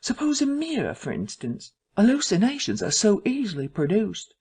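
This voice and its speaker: A man voicing an anxious, evasive country vicar in a story reading, hesitant and fastidious. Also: high-pitched, very animated, gravelly, darkish tone, slightly rough, voice pushed up, full character voice.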